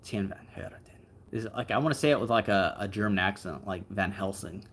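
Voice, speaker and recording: Speaking fast in a fairly low, slightly rough voice with a fairly bright tone, a man runs a livestream and chats casually with viewers. His replies to their comments ramble easily, peppered with fillers and asides.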